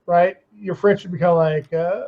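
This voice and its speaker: A man's voice: high voice, fairly even intonation, moderate pace, narrow, tinny audio. A man in casual chat, rambling and chatty, with many restarts. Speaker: guest, comics artist.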